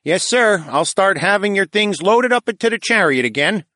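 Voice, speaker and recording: A man's voice: high-pitched, animated, moderate pace, sharp tone, no echo, studio quality, voice pushed up. A man voicing a respectful male town mayor who speaks formally and deferentially. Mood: eager.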